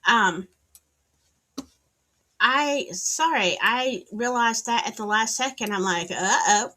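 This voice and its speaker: A woman's voice: on the high side, takes it slowly, sharp tone, a little hiss or hum. A woman with a Southern US accent hosting a casual livestream, chatting and greeting viewers by name with sassy asides. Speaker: livestream host. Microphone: streaming setup, wired in.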